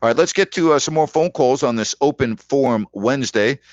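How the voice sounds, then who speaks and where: A man's voice: mid-range voice, a little fast, dry recording, lo-fi sound. A man hosting a sports radio call-in show, rambling chattily through scores and rhetorical questions. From New York.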